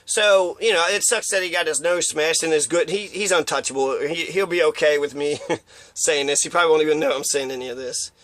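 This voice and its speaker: A man's voice: on the high side, a little fast, fairly bright tone. A man ranting in a rambling, profane, casual way, often mocking others with put-on voices. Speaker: commentator.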